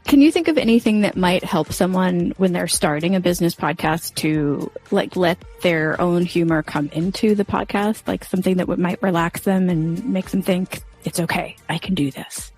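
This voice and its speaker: A woman hosting a podcast, agreeing warmly with her guest and asking encouraging questions, with a casual "like" scattered through her speech. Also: lowish voice, normal speed, few pauses, faint music behind. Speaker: podcast host. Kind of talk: interview chat.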